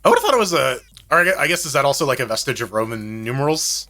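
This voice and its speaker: A man's voice: mid-range voice, big pitch swings, fast, bright, forceful tone. A man co-hosting a casual podcast, musing aloud and asking questions. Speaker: podcast co-host. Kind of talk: casual live podcast chat.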